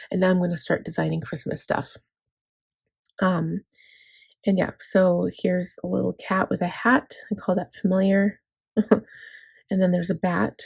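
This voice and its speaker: A woman's voice: lowish voice, vocal fry, darkish tone, slightly rough. A woman in her thirties, a planner vlogger, chatting casually and tiredly, rambling with many fillers and restarts. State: tired and low. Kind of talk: casual chat.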